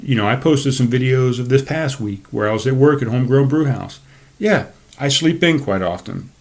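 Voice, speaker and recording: This is a fast, medium-pitched male voice. Alone at his desk, the podcast host delivers a casual, heated, swear-filled rant straight into his desk mic.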